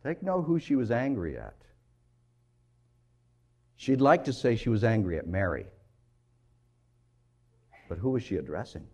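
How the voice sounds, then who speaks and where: Brief: male preacher, expressive and sing-song, storytelling sermon that swells loud then drops quiet. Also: lowish voice, moderate pace, long pauses, slightly rough. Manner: animated storytelling with big swings in loudness.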